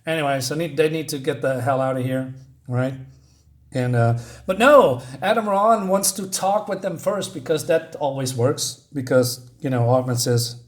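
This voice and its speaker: A man casually reviewing a comic book, sarcastic and exasperated, rambling with many fillers and reading dialogue aloud. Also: medium pitch. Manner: reads dialogue aloud in quick snatches.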